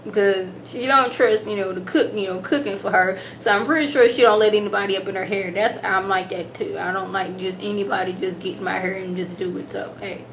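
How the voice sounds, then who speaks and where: A woman giving a casual, chatty episode review in an animated storytelling manner, full of slang. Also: medium pitch, fairly quick, hardly any pauses, a little hiss or hum. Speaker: TV recap vlogger.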